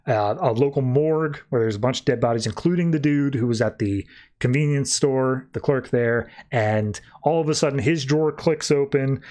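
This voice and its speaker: A man's voice: medium pitch, darkish tone. A man with an ordinary mid-range voice, hosting a podcast. He runs through the story in a loose, chatty way, peppering his speech with "uh" and "like" as he goes. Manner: retells scenes breezily, with lots of "uh" and "like". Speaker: podcast host. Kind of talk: casual comic book recap and review.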